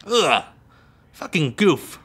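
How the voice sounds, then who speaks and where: A man's voice: on the high side, big pitch swings, very slow, a bit bright, breathy edge. A man co-hosting a casual podcast, launching into a profane, mock-angry rant. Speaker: podcast co-host.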